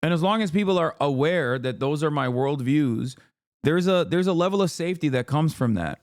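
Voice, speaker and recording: A man's voice: fairly high pitch, lively intonation, normal speed, no echo, studio quality. A man streaming live, ranting with heated, profane commentary on a clip he is reacting to.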